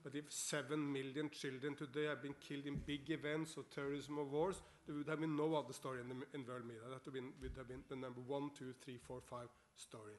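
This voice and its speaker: A man's voice: mid-range voice, little pitch movement, quick pace, few pauses. A middle-aged man from Norway with a Norwegian accent, giving a formal speech to a parliament as guest speaker. He talks in an upbeat way and repeats words while he searches for them. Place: parliament chamber.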